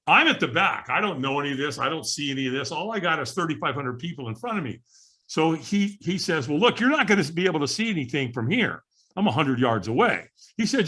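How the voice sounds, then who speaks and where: Male guest, lively storyteller with a slightly husky voice and a higher-than-usual pitch. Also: fairly quick. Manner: animated storyteller, acts out quoted voices. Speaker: podcast guest. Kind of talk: storytelling in casual interview.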